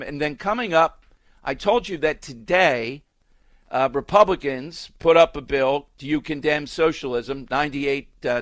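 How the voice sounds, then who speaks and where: Emphatic talk radio host, fairly high voice. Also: male voice, a bit bright, dry recording. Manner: emphatic, repetitive, scornful. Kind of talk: political talk radio commentary.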